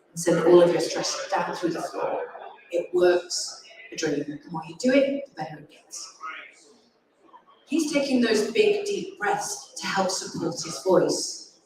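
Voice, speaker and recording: A woman's voice: medium pitch, noisy background. A woman, a speaking consultant giving an enthusiastic, encouraging live talk to an audience. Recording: echoey, distant live room recording.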